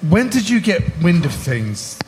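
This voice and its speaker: Podcast host asking questions live. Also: male voice, high voice, sing-song, a little slow, a little mellow, a little hiss or hum. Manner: conversational, steering the talk. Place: live party event with an audience.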